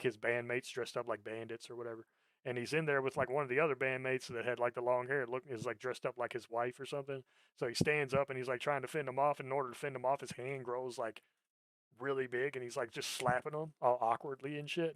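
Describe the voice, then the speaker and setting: Here a podcast host talks at medium pitch with a fairly bright tone, recorded dry. He laughs often into a close mic while spinning rambling, foul-mouthed stories in a casual chat.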